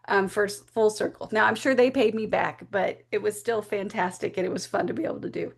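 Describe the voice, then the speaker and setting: Gravelly-voiced woman telling a candid story. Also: medium pitch, fairly quick. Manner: animated, candid, emotional storytelling; acts out voices when quoting people. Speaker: guest. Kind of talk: personal storytelling in an interview.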